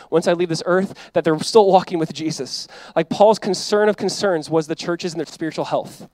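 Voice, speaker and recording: A man in his thirties preaching a sermon as pastor, animated and emphatic, acting out quoted voices. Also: a little high, no room sound.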